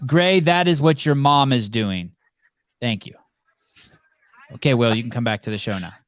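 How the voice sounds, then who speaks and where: A man's voice: medium pitch, normal speed, no echo. A man hosting a live stream in a loose, joking way, chatting with his co-commentator and reading out viewer comments. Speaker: podcast host. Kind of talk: casual live-stream chat.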